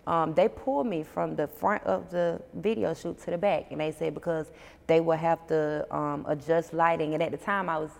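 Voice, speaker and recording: A Georgia woman, an artist chatting bluntly and profanely in an interview, telling animated stories. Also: low-pitched, moderate pace, vocal fry, long reverb tail. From Georgia, USA. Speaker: musician guest. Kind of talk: casual interview chat. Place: on a porch outdoors.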